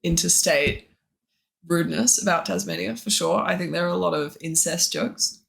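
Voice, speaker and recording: A woman's voice: on the low side, moderate pace, vocal fry, a bit bright. A woman with an Australian accent, a historian guest in a podcast interview, talking with witty, dry humor. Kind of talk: casual interview chat.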